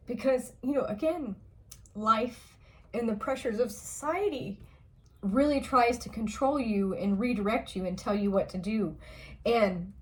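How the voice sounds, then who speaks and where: A woman giving a gentle, reassuring spiritual card reading, speaking slowly and at times getting emotional. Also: a little high. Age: adult parent of a school-age child. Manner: gentle, reassuring, slow, grows tearful and emotional. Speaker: oracle card reader.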